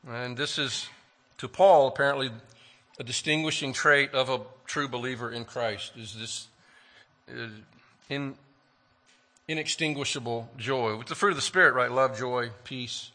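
A man preaching a sermon earnestly, asking rhetorical questions and slowing down to stress key phrases. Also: mid-range voice, pushed and bright. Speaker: pastor.

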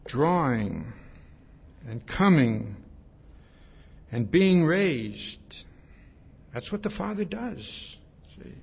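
A man's voice: fairly high pitch, sing-song, drawn-out words, gravelly, pauses often, husky, big-room sound, lo-fi sound. A man preaching a sermon in a conversational way, often checking in with his listeners. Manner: conversational, repeats "see?" often.

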